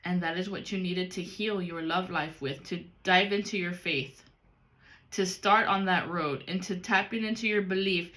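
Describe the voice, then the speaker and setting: Brief: woman, tarot reader, crisp and forceful tone, cusses freely, talks right at the viewer. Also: on the low side, fairly even intonation, normal speed, a little hiss or hum. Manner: blunt and profane. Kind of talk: casual spiritual card reading.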